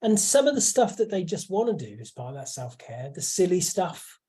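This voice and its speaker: Hesitant host with a mellow voice. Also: medium pitch, big pitch swings, moderate pace, breathy edge. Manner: hesitant, many restarts. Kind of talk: casual interview talk.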